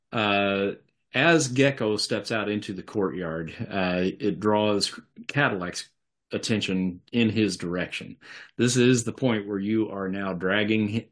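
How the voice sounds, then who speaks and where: Low-voiced man narrating a tabletop game. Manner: casual, filler-heavy narration with uh's. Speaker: game master.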